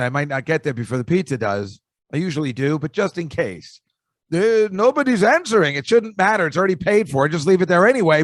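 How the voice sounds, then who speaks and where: A man's voice: medium pitch, dry recording, clean studio sound. Rambling self-mocking older New man. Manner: self-deprecating, rambling with restarts. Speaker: podcast host. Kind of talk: rambling comic storytelling.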